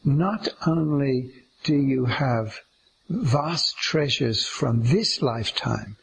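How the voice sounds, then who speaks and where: A man speaks in an unhurried, meditative teaching style, stretching his words out gently. His voice has a gravelly edge and he talks very slowly. A faint outdoor ambience sits behind him. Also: medium pitch, animated, a little hiss or hum, poor audio. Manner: slow, drawn-out, gentle. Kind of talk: slow meditative teaching talk.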